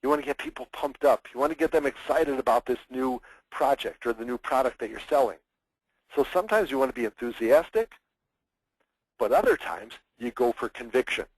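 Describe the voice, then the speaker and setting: A man presenting a public speaking webinar with a lively, swooping voice that climbs high and drops low. He talks with energy and acts out examples in playful mock voices. The sound is dry and close. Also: normal speed, pauses often, no room sound, rough recording.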